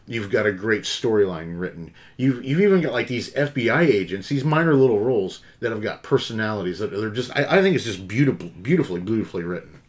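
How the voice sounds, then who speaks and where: Man, co-host, lowish voice, relaxed, enthusiastic. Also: quick pace, few pauses. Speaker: podcast co-host. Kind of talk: casual movie-review chat.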